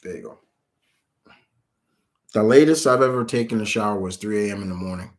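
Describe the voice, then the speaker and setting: A man's voice: on the low side, fairly quick. Man rambling casually through viewer questions. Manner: rambling, with many fillers and restarts. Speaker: streamer answering chat questions. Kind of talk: casual live-stream chat.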